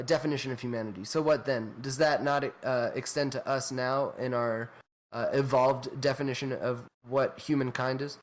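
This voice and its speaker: A man from New Mexico co-hosting a podcast in casual, profane chat, laughing often. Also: medium pitch. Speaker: podcast co-host.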